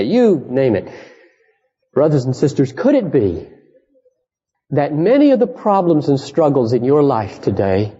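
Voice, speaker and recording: A man preaching an impassioned sermon, swinging from high urgent cries to hushed storytelling. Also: husky. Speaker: pastor. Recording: dull, echoey 1980s church sermon recording.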